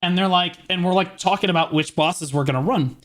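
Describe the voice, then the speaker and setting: A male streamer telling a story to his chat in casual, profane, animated fashion, mocking the people he quotes. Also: high voice, fairly quick.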